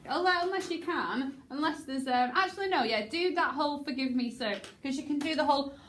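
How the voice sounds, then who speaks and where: A woman teacher directing a class drama rehearsal, brisk and joking, acting lines out herself. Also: high-pitched, a bit bright, slight background noise.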